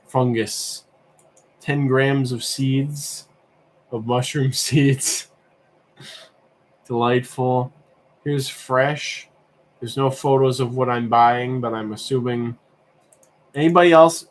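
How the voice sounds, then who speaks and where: Man musing aloud on a livestream. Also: medium pitch. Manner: rambling, musing, self-questioning with fillers. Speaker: livestream host. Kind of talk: casual livestream chat, thinking aloud while browsing.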